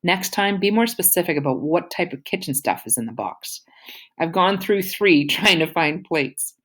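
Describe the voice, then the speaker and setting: A woman's voice: lowish voice, animated, normal speed. A woman voicing a needling, sarcastic teenage older brother in an audiobook reading.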